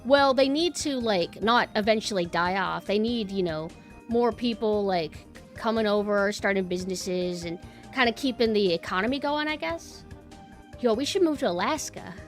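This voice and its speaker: A woman's voice: medium pitch, lively intonation, moderate pace, soft background music. A young woman streamer chatting casually with her viewers and ranting bluntly, swearing freely.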